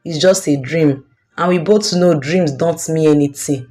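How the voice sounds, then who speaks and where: A woman's voice: deep voice, unhurried, faint music behind. A woman voicing a cheerful, trusting young woman who adores her best friend. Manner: bright, gushing and trusting.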